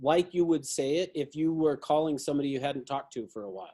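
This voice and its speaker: A man's voice: on the high side, expressive, fast talker, mellow. A man demonstrating a sales call in a coaching role-play, upbeat and full of enthusiastic affirmations. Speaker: real estate agent demonstrating a call.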